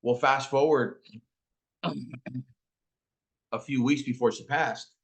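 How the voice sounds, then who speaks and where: A man in his forties telling a personal story about his late mother, slow and emotional, with some street slang. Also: medium pitch, steady tone. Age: 40s. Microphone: interview.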